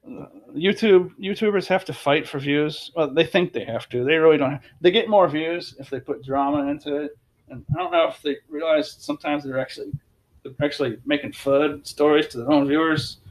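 A man's voice: on the high side, fairly quick. A man giving casual, emphatic commentary over charts, repeating phrases and restarting sentences. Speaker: crypto commentator.

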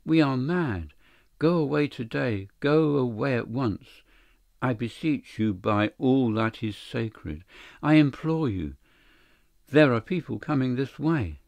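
A man's voice: medium pitch, animated, takes it slowly, creaky, darkish tone, dry recording, highs cut off. A man voicing a frightened young married woman in an audiobook, breathless and imploring. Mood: pleading. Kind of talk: audiobook character reading.

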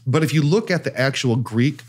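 A man's voice: medium pitch, animated, brisk, slightly rough. Chatty man explaining scripture casually. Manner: explains scripture at length, with many filler "you know"s. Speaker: podcast co-host. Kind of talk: casual panel discussion.

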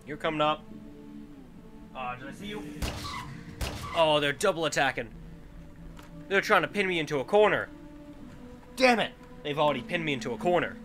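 Stuffy-nosed guy playing a horror game, high voice, slow talker, yelling at monsters. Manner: jumpy, exclaims and talks back at enemies. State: stuffy nose. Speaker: gaming YouTuber. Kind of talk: horror let's-play commentary.

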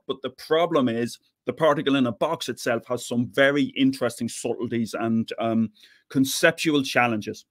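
A man's voice: mid-range voice, normal speed, a bit bright, dry recording, studio quality. Chatty middle-aged Irish man lecturing. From Ireland, near the Northern Ireland border. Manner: chatty, repeats words while thinking. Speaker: physics professor giving an invited talk. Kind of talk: online lecture.

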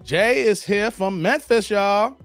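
Faint music plays behind this Chicago-area man as he hosts a casual livestream in a slow, high voice. He reads comments from viewers and ribs them, laughing a lot.

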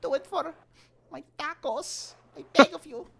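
A woman voicing a young male fox sidekick with a comic accent, softly pleading, in a cartoon clip with music behind. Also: high voice, measured pace, gravelly.

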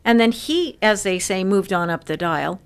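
A woman around sixty telling stories in an interview, lively and laughing often. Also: mid-range voice, moderate pace, clear, resonant tone. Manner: lively storyteller who laughs often and acts out quoted voices. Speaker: interview guest. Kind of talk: casual storytelling interview.

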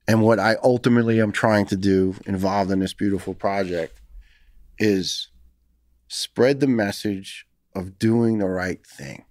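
A man's voice: fairly low pitch, no echo, clean studio sound. A man in his fifties with a New York accent, talking earnestly and emphatically as a guest on a podcast interview. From United States. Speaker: retired firefighter guest.

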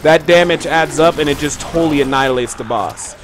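This man's voice runs a bit high and a little quick as he yawns through relaxed gameplay commentary, walking his viewers through how the game works. He's a streamer, and game music plays loudly behind him, making the clip noisy.

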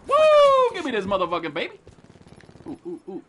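A young man streaming a shooter game, cursing and trash-talking with friends in excited, loud outbursts. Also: sits high, fairly quick, background noise. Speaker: gaming streamer. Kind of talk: live gameplay commentary with friends.

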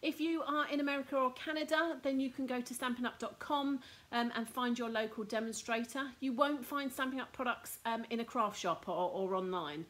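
A woman's voice: fairly high pitch, a little fast, a bit bright. A middle-aged woman from the UK hosting a casual live craft demo, chatty with lots of ums. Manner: chatty, frequent ums, laughs at herself. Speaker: card making teacher and host.

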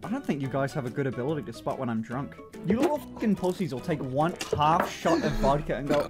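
A man's voice: fairly high pitch, fairly quick, few pauses, over loud music. A man streaming live, chatting casually and rambling with heavy swearing. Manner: swears constantly, rambling and animated. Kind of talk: casual livestream chat.

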